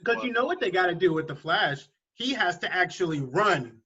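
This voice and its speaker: Male co-host, high lively voice, dull lo-fi sound. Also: normal speed, breathy edge. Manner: argues points, counting them off. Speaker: podcast co-host. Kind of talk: casual chat.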